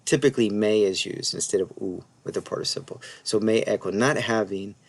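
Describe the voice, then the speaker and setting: A man teaching a casual Bible Greek lesson from his slides, thinking aloud with many fillers and restarts, and reading Greek words slowly and carefully. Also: fairly low pitch, vocal fry. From United States.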